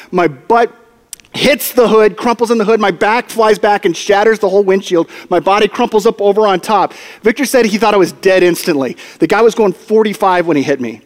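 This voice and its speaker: A long hall reverb surrounds this man's bright, high voice as he tells a story from the pulpit, using comic timing and acting out lines for his congregation in a storytelling sermon.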